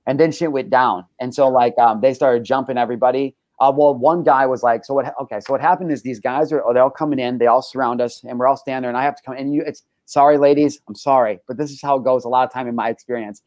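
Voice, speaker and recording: A man's voice: medium pitch, fast talker, few pauses, dry recording. Young guy hosting a talk show, swears a lot, rambly with lots of ums, dry close sound. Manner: profane, animated storytelling with frequent fillers. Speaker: host. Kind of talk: casual storytelling on a talk show.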